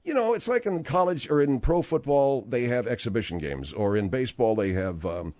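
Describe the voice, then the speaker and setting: A man hosting a sports talk radio show, bantering with his co-hosts and reading out the news in an animated, rambling way. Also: mid-range voice, fairly quick, no room sound. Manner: animated, rambling, with frequent restarts.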